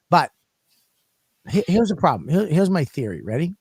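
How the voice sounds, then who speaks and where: A man with a fairly high voice tells crude stories in a loose, rambling way, swearing all the time. He sounds close to the mic in a dead-dry room with no echo at all. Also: big pitch swings, normal speed, slightly rough. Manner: crude, profane, rambling storyteller. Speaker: podcast co-host. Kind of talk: casual comedic chat.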